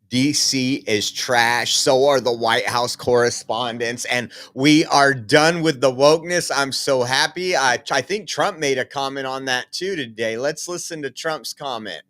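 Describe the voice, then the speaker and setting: A man's voice: medium pitch, fairly bright tone. A man giving casual political news commentary, reading out articles, emphatic and rambling with many fillers.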